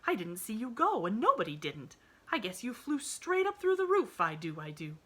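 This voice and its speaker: Woman reader as a rustic young maid: flustered, kind, exclaiming, folksy, voice lifted and bright. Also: on the high side, huge pitch swings, normal speed, pitched above the performer's own voice, exaggerated voice.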